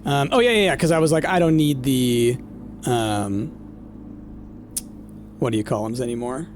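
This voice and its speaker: A man's voice: mid-range voice, normal speed, slight background noise. A man casually commenting on his gameplay, thinking aloud with lots of fillers and talking to his chat. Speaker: gameplay streamer. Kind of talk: casual let's-play commentary.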